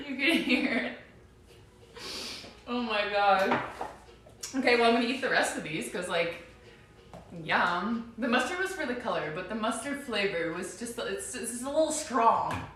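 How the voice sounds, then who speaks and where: A woman's voice: fairly high pitch, lively intonation, moderate pace, fairly bright tone, slight background noise. A young woman livestreaming from her home kitchen, chatting casually and giggly with viewers, rambling as she goes. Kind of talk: casual cooking livestream chat. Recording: echoey room, mic a bit far off.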